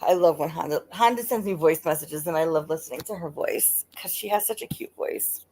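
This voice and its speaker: A woman's voice: low-pitched, fairly quick, mellow. A woman hosting a live stream, chatting casually with her viewers, laughing often and swearing freely. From United States.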